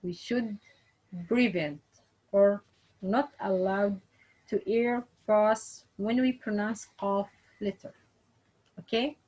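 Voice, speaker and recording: Slow-paced woman teaching Quran recitation. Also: medium pitch, a little mellow, poor audio. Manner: slow, repetitive explanation with non-native English phrasing. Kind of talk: online lesson.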